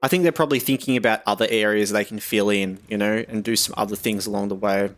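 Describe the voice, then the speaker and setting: A man's voice: fairly low pitch, fairly even intonation, quick pace. A young Australian man chatting casually with viewers during a live game stream, reading chat aloud with lots of fillers.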